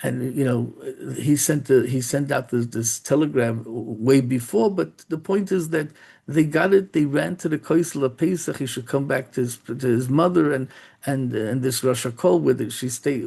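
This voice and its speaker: A man, a rabbi, telling a story in a sermon with a halting delivery full of restarts and repeated words. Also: medium pitch, creaky, mellow, slightly rough.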